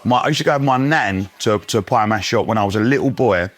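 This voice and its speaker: A man's voice: on the low side, quick pace. A man, chatting casually as a guest in a pub and telling stories with local slang. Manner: chatty storyteller, London slang. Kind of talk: casual chat.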